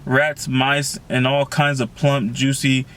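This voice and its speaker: A man reading the lines of a gentle boy trapped in a hawk's body, in a low, subdued way. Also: monotone, takes it slowly, a little hiss or hum.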